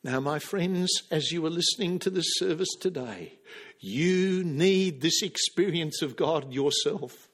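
A man preaching a sermon with passion, acting out the quoted speakers' lines and dropping to a hush for emphasis. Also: a little high, expressive, measured pace, slightly rough. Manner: impassioned, acts out quoted lines.

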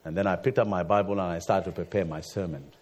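Halting preacher man, frequent restarts. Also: low voice, fairly even intonation. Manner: halting, repeats words, frequent "you see". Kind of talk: sermon with personal story.

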